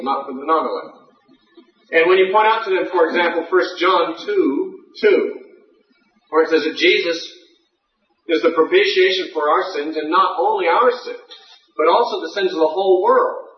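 A man teaching a Bible class, reasoning through a passage and answering questions, thinking aloud with occasional fillers. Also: on the high side. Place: classroom or lecture hall. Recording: far-off, echoey, muffled lecture recording.

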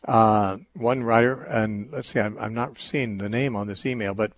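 A middle-aged man hosting a call-in radio show, calmly reasoning through a Bible question with everyday examples. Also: lowish voice, normal speed, no echo. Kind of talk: call-in Bible teaching talk.

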